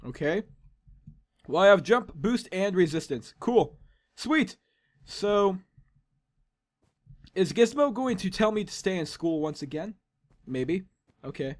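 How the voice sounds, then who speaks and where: Young male gamer with a high voice and unhurried delivery, excitable and playful, throat a bit dry and strained. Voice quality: excitable, yelps and laughs, playful outbursts. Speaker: gaming YouTuber. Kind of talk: let's play commentary.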